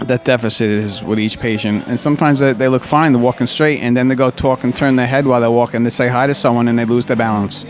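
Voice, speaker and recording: A man's voice: mid-range voice, steady tone, quick pace, hardly any pauses. A man who works as a physical therapist, talking in a casual interview and telling stories about patients with many restarts and fillers. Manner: rambling, warm storytelling with frequent restarts and fillers. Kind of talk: conversational interview.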